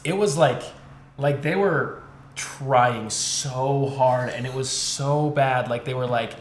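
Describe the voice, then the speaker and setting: A man's voice: medium pitch, a little slow. Co-host, young man, loose rambling delivery, swears freely, roomy echo with faint hiss. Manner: rambling, heavy filler words, swears casually. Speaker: podcast co-host. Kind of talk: casual chat. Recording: echoey room with faint noise.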